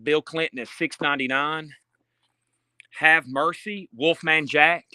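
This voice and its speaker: Filming a handheld live stream in an indoor store, a man reads off book titles and prices in casual sales patter, adding chatty asides while out of breath. His slightly high voice is steady, unhurried, bright, forceful, clear and resonant, with no room sound.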